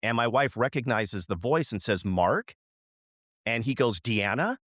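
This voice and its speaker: A middle-aged man co-hosting a podcast, telling a story in casual chat and jumping up in pitch when he acts out what people said. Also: brisk, no echo, clean studio sound. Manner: animated storyteller, voices quoted people with jumps in pitch. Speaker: podcast co-host.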